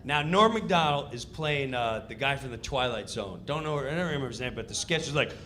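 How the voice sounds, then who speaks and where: Male stand-up storyteller; animated, bright, lively pitch. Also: brisk, hardly any pauses. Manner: animated, conversational, builds to punchlines. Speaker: comedian.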